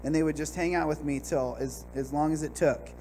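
A man at a church service telling his testimony in an animated, storytelling way. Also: on the high side, a little fast, slight background noise. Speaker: guest sharing a testimony.

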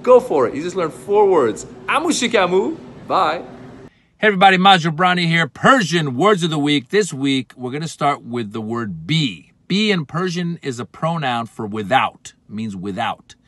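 Animated comedian with a lively voice. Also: male voice, fairly high pitch, normal speed. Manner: animated, acts out exasperated outbursts. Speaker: comedian teaching words. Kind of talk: comic explainer.

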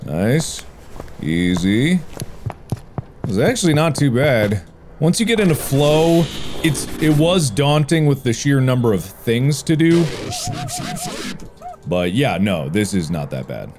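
A male gaming host talks his way through a horror game with a lively, swooping voice. He reacts out loud to everything on screen, yet his speech stays slow and drawn out. A steady hiss of noise sits behind him. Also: medium pitch. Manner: excitable, reacting aloud while playing a horror game. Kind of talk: let's play commentary.

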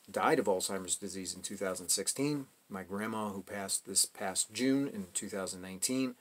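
A man hosting his own channel, explaining a topic to camera in a measured, careful way, adding caveats and correcting himself as he goes. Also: fairly low pitch. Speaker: channel host.

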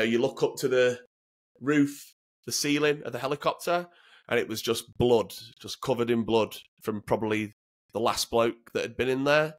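A man's voice: medium pitch, a bit bright. British ex-serviceman, 30s, casual storyteller, plain mid voice, swears freely, laughs through it. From Britain. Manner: blunt, sweary, laughs through his stories. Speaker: guest, former soldier.

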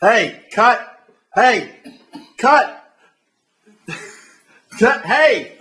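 A man's voice: high voice, lively intonation, takes it slowly, sharp tone. A man playing a director in a live comedy sketch, curtly and impatiently calling cuts and takes. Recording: echoey club room.

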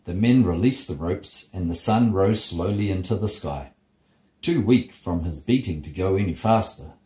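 A man, a father reading a bedtime story steadily and gently in his child's bedroom. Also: low voice, lively intonation, moderate pace, reverberant, poor audio.

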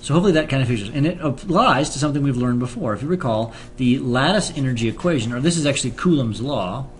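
A man's voice: mid-range voice, lively intonation, fast talker. Casual male chemistry teacher. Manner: casual and joking, explains with fillers and restarts. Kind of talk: classroom lecture video with banter.

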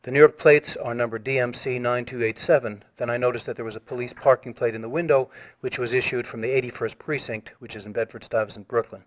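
A man reading out a written complaint on a phone call, measured and formal, turning insistent when pressed. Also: mid-range voice, fairly even intonation. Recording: dull lo-fi audio.

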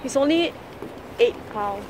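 A woman's voice: high-pitched, animated, a little slow. A young woman from Singapore, chatting and giggling as she narrates a vlog to the camera on a city street. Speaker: vlogger. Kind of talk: casual vlog chat. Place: city street at night, outdoors. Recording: street traffic noise.

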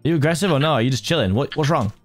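Excitable man narrating a game, faint music. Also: medium pitch, rapid-fire. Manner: excitable, talks to himself and viewers, jumpy exclamations. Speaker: gaming YouTuber. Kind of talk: casual Minecraft let's play commentary.

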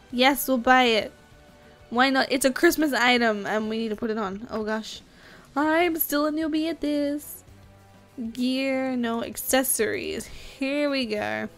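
A young woman with a high voice chats her way through a video game, excitable and quick to squeal at every surprise. Faint game music plays under her commentary. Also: gravelly. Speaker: gaming YouTuber. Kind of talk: casual gameplay commentary.

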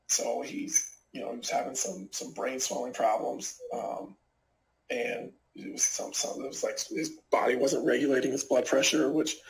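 A man's voice: mid-range voice, gravelly, a little hiss or hum. A middle-aged man, a professional fighter, tells a personal story in a casual interview and rambles with many fillers. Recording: echoey room.

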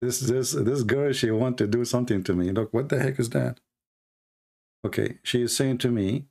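A man's voice: medium pitch, normal speed, creaky, a little mellow. A man hosting a live stream. He delivers sarcastic, mocking commentary.

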